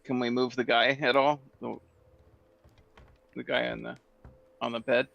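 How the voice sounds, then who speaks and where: A man's voice: mid-range voice, little pitch movement, a little slow, gravelly, a bit bright. A man playing a tabletop game, talking hesitantly as he works out his plans. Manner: hesitant, full of restarts. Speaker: player. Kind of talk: casual tabletop game chat. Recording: dull lo-fi mic.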